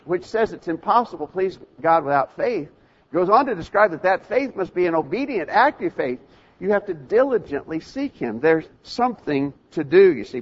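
A man preaching a sermon in an earnest, plain-spoken way, often pausing with ums and repeating words. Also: a little high. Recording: dull lo-fi sound.

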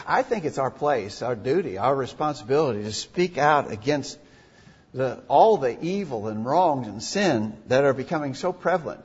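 Earnest preacher man, husky, echoing hall. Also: medium pitch. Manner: earnest, emphatic, reads scripture aloud. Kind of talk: sermon. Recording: dull lo-fi recording in a reverberant hall.

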